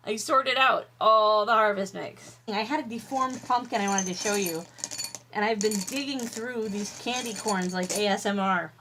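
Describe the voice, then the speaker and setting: A woman's voice: mid-range voice, moderate pace, pushed and bright, a little hiss or hum. A tired woman vlogging from her home office, talking candidly and rambling with profanity and self-mocking jokes. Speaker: YouTube vlogger. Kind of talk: casual chatty vlog while eating.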